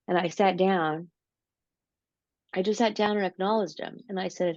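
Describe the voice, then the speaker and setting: A woman guest in an interview, telling a personal story in a casual, animated way, often repeating words and acting out what she said. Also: medium pitch, moderate pace, no room sound, muffled recording. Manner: animated, repeats words, acts out her own quotes.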